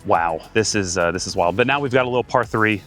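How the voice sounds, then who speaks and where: A man in his thirties giving casual play-by-play of his own golf round outdoors, getting excited and talking to himself between shots. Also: fairly low pitch, quick pace, soft background music. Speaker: golf vlogger.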